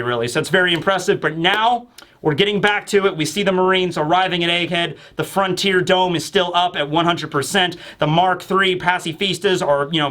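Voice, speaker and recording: A man's voice: high-pitched, bright, forceful tone. A man in a casual manga review chat, talking enthusiastically and rambling, acting out lines.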